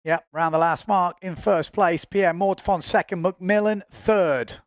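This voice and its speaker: A man's voice: high voice, fairly even intonation, unhurried, dry recording, clean studio sound. A man giving chatty, informal live commentary on a windsurfing race, often correcting himself as he goes.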